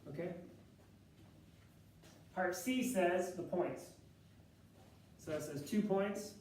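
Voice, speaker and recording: Guy teaching math, talks thru each step casually, kinda high voice, far off in a really echoey classroom. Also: slow, darkish tone, slight background noise. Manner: works problems aloud step by step, casual. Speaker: math instructor. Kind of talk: classroom lecture.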